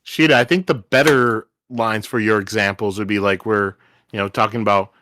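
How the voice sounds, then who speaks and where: A man's voice: fairly low pitch, steady tone, normal speed, fairly bright tone, no room sound, clean studio sound. A man hosting a casual book-discussion podcast, easygoing and steering the conversation along. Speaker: podcast host.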